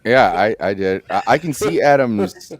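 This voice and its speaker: A man on a live stream, talking in a halting, hesitant way about tech trouble. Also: fairly low pitch, expressive, no room sound. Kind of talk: casual live-stream chat.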